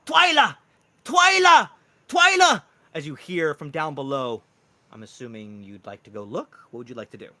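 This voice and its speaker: A man's voice: mid-range voice, animated, a little fast, a bit bright. A man narrating a tabletop role-playing game as game master in a casual, rambling way. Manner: casual, lots of "like" and "kind of".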